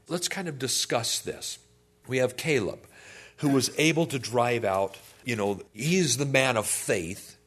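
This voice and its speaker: A male pastor teaching a sermon in a conversational way, often asking listeners questions. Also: medium pitch. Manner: conversational, animated, asks the audience questions.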